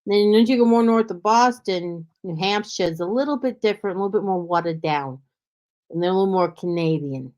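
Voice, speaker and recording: A podcast host chats casually and animatedly in an interview, her medium-pitched, darkish voice moving a little fast. She often slips into mimicked accents as she talks.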